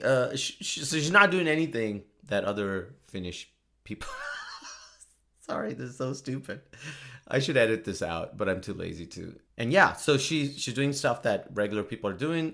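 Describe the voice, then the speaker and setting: A man's voice: mid-range voice, animated, moderate pace, creaky, fairly bright tone. A man hosting a solo podcast, rambling and joking, laughing often at his own remarks. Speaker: podcast host.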